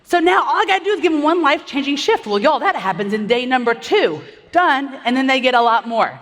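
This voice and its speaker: A woman with a high, bright-sounding voice delivers an energetic stage presentation, talking quickly and firing questions at the crowd. She sounds slightly out of breath. Her voice rings with long reverb from a large event hall. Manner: fast, upbeat, rallies the audience with questions. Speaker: conference speaker.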